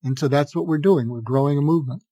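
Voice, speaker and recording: An older man, a psychiatrist guest on an interview podcast, telling animated anecdotes and acting out the dialogue in them. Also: a little high, fast, dry recording.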